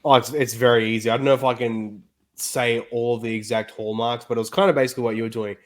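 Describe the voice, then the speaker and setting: A man's voice: mid-range voice, fairly even intonation, quick pace. A man with an Australian accent, a guest on a video call, telling stories in a chatty, rambling way. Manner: chatty storyteller, rambling with fillers. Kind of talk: casual interview chat.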